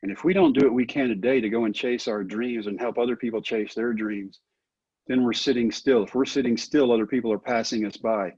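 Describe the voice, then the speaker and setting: Middle-aged male guest, earnest storyteller, husky and a bit lo-fi. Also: medium pitch, fairly even intonation, fairly quick, darkish tone, dry recording. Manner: earnest, folksy, says "man" often. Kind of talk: storytelling interview answer.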